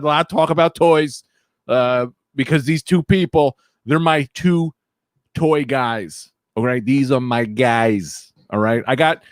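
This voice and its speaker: A man's voice: on the high side, dry recording, clean studio sound. Hyped, profane male podcast host. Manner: loud, profane and hyped, swinging between shouts and mumbles. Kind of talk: casual podcast chat.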